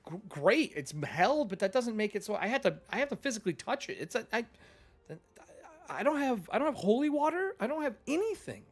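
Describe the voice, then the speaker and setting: A man narrating a tabletop role-playing game as game master, animated and rambling. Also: very high-pitched, brisk.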